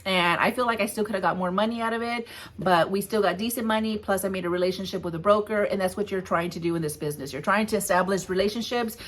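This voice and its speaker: A woman in her forties talks straight to the camera in a relaxed vlog about her trucking business. She tells stories in a lively, no-nonsense way, breaking into easy laughs. Her voice sits at a middle pitch for a woman. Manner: lively retelling, frequent laughs, firm and blunt. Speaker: hotshot trucking business owner. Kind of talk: casual storytelling vlog.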